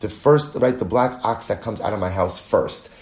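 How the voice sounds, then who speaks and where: Lively rabbi teaching Talmud, low voice. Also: male voice, echoey room. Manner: animated, explains aloud, reads Aramaic quotes quickly. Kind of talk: Talmud lecture.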